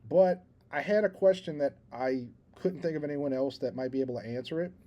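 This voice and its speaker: A man co-hosts a casual podcast, telling a story at length. His voice is mellow and relaxed, and he mocks himself and laughs along as he talks. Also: on the high side, a little fast, dull audio. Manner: rambling storyteller, self-deprecating, laughs at himself. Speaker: podcast co-host. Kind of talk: casual chat.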